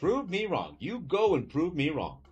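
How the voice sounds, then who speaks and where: A man chatting casually while he draws on a live stream. His talk is slow and rambling, with a lively, expressive pitch, full of incredulous questions and the odd curse. Faint music plays in the background. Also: husky. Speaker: teacher and live-streaming artist. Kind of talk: casual chat during a live art stream.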